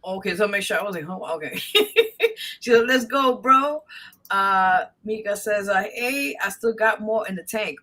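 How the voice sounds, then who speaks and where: A woman's voice: mid-range voice, animated, measured pace, bright, forceful tone. A woman hosting a live radio show, reading out viewers' comments and laughing a lot. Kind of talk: casual live show chat.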